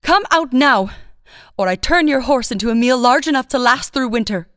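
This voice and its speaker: A woman's voice: mid-range voice, expressive, brisk, dry recording, studio quality, natural voice. A woman voicing a proud, guarded woodland witch, curt and commanding, in an audiobook. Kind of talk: audiobook narration.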